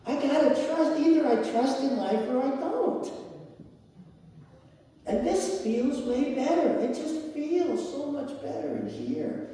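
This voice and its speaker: A middle-aged man giving a sermon, telling personal stories slowly with laughter. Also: extremely high pitch, sing-song, mellow. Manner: slow, storytelling with laughs. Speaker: spiritual speaker. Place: large hall with audience. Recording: echoey hall, distant mic.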